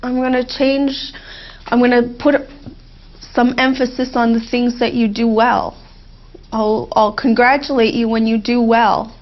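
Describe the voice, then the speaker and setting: Heartfelt woman speaking with halting pauses. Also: fairly high pitch, little pitch movement, dull audio. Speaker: therapy client. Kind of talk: emotional therapy role-play.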